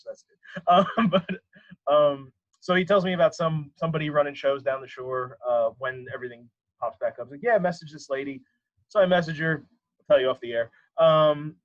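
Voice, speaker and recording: A man chatting as a podcast guest, rambling through stories and laughing at himself often. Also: mid-range voice. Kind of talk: casual interview chat. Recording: lo-fi dull sound.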